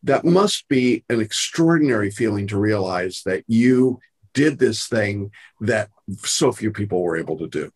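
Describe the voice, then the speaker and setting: Male interviewer, husky low voice, calm and supportive delivery. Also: a little slow. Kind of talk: interview questions.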